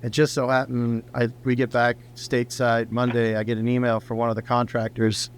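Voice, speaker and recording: A man's voice: medium pitch, completely flat delivery, a little fast, a little hiss or hum. Middle-aged man telling a rambling story. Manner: rambling anecdotal storyteller, swears casually. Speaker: guest, company founder. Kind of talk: casual storytelling interview.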